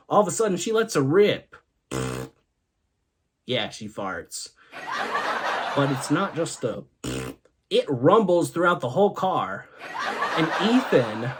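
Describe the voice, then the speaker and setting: A man's voice: a little high, expressive, measured pace, noisy background. A young man hosting a comedy show, telling goofy family stories and laughing along with them. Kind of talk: comedic storytelling monologue.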